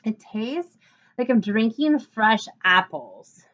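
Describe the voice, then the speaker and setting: An eager, gushing child in a storybook, exclaiming in a high voice that leaps around, as a woman reads the part. Dull, lo-fi sound. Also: expressive, slow, fairly bright tone. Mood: delighted. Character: eager young child, easily amazed.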